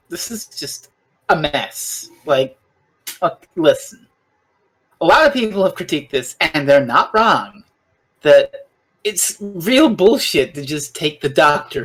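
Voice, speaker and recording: A man's voice: on the high side, fairly bright tone, husky, rough recording. A man co-hosting a casual review podcast, sounding exasperated and blunt, swearing as he goes. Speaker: podcast co-host. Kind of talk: casual chat, episode review.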